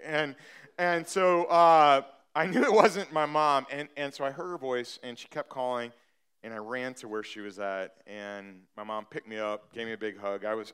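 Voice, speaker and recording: A man's voice: medium pitch, fairly bright tone, clean tone. A middle-aged man preaching a sermon, telling a personal story in a conversational way with many fillers and restarts, building to emphatic points. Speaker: pastor.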